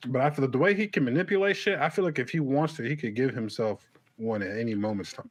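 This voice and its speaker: A man in casual podcast chat, laid-back and low-key, with his voice trailing off. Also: fast talker, no echo.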